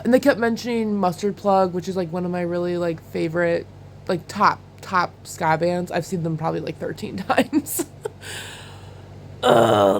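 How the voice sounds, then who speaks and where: A young woman vlogging in a casual chat, talking in an excited, rambling way with lots of "like" and "oh my God.". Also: medium pitch, a little hiss or hum. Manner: chatty and excitable, full of "like" and "oh my God"; bursts into laughter while recounting.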